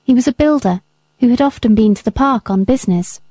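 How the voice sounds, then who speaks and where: Mellow woman reading an audiobook. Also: fairly high pitch, brisk, no room sound. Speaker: audiobook reader. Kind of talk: scripted narration.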